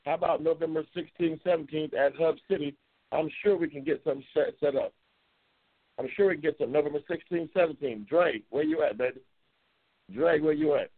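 A man hosting a casual live-stream chat, loose and excitable, repeating himself and reading viewer comments. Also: a little fast. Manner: loose, excitable, repeats himself, bursts into high-pitched race calling. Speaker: talk show host reading viewer comments. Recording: tinny phone-like lo-fi audio.

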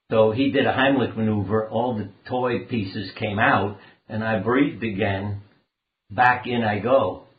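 An older man, a doctor and author, earnestly telling rambling personal anecdotes as an interview guest. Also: on the low side. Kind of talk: conversational storytelling interview. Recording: phone-like line in a roomy space.

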